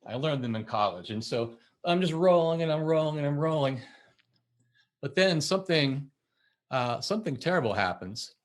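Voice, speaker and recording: A middle-aged man, a musician and podcast guest, telling a story in a lively way and acting out the voices he quotes. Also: fairly high pitch, normal speed. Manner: acts out quoted voices, laughs while telling. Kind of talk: animated storytelling in conversation.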